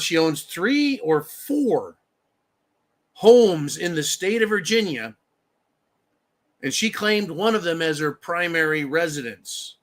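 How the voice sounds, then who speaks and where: A man hosting a live stream, talking to viewers in a fired-up, profane, repetitive way and calling them "folks.". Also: fairly high pitch. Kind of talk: political live stream monologue.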